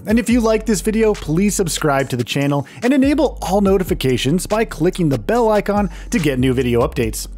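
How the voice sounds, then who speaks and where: A man narrating a scripted tech video in a lively read that often drops in pitch at the ends of clauses. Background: faint background music.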